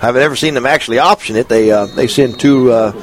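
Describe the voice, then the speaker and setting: A man with a voice of middle pitch gives color commentary from the press box. He talks slowly and easily, with plenty of fillers and small chuckles as he explains each play. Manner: relaxed, drawn-out analysis with many fillers and chuckles. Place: press box above the field.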